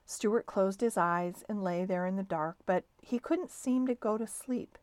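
A woman reading a children's novel aloud, calm and expressive. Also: medium pitch, measured pace, no echo. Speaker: storybook reader.

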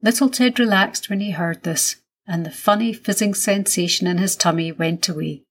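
A woman reading a children's story aloud in a gentle, unhurried manner. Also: mid-range voice, slightly rough.

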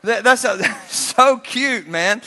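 High bright-voiced male preacher in a hall. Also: slow pace. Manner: animated storytelling, bursts of shouting. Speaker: pastor. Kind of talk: sermon. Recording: long hall reverb.

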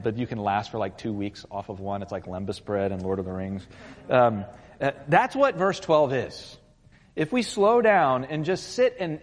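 Earnest pastor with a high-ish voice. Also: male voice, darkish tone. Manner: earnest, rising to urgent intensity. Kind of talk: sermon with opening prayer. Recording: long hall reverb.

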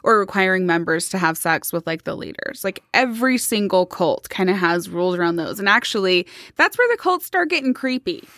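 A woman chats as a podcast co-host, blunt and a little profane, jumping in with animated reactions. Her voice sits at a middle pitch for a woman. The recording is close and dry. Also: a little fast, few pauses, dry recording. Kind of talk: casual chat.

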